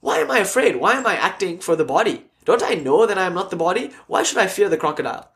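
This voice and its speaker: A man's voice: high-pitched, big pitch swings, fast, vocal fry, fairly bright tone, voice pushed up, full character voice. A man voicing a young monk who questions himself urgently and earnestly. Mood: alarmed.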